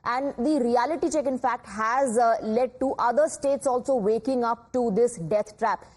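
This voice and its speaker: A woman's voice: on the high side, darkish tone. Indian woman anchoring studio news. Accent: Indian English. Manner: measured, formal newsreading with occasional fillers.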